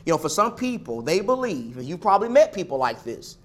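High-voiced man preaching with emphatic repetition. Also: very animated, a little fast, hardly any pauses. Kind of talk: sermon.

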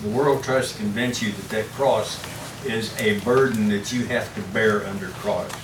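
A man's voice: fairly low pitch, steady tone, normal speed, far from the mic. A man in a Bible class speaking up earnestly, in a preachy manner. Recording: echoey room recorded from afar with background noise.

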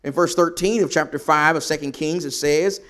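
A man preaching a sermon in an animated way, acting out the characters' lines as he tells the story. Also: on the high side, normal speed.

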